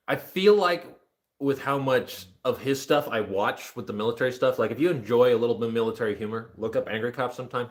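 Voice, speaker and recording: Man, 30s, casual livestream host, animated pitch, jokey and wandering. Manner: joking, self-deprecating, easily distracted. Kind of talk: casual rambling livestream chat.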